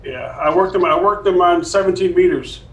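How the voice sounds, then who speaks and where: A man's voice: sits high, a little fast. A man who is a ham radio operator, chatting casually on a video call in an easygoing, joking way. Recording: echoey room with faint hiss.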